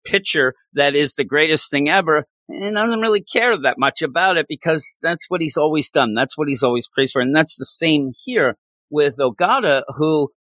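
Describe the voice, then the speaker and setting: A man hosting a casual podcast chat about a book, animated and acting out character lines. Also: a little high, normal speed, dry recording. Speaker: podcast host discussing a book.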